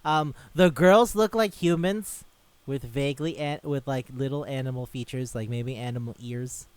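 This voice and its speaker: A man's voice: medium pitch, moderate pace, smooth. A man casually chatting as a podcast co-host, rambling and swearing, often slipping into silly voices for the characters he retells. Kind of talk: casual chat.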